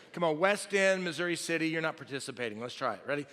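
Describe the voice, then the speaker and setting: A man's voice: fairly high pitch, very animated, moderate pace, hardly any pauses, a bit bright. A man, preaching a sermon and acting out the people in his story. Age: 50s. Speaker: pastor. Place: large church hall. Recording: long hall reverb from a church sanctuary.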